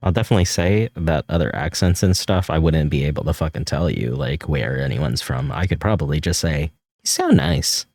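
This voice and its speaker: A man with a neutral American accent, streaming and chatting casually while drawing, rambling and swearing, laughing often and jumping up in pitch when he jokes. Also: a little fast, few pauses, darkish tone, no room sound, clean studio sound. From California. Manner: rambling, loose, swears often, laughs a lot, voice jumps high when joking.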